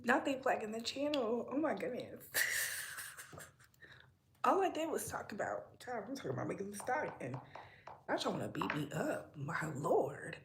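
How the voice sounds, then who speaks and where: A woman's voice: on the high side, big pitch swings, moderate pace, long pauses. A young adult woman hosting a casual gossip livestream, chatty and sassy, greeting her viewers by name and laughing often. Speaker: livestream host.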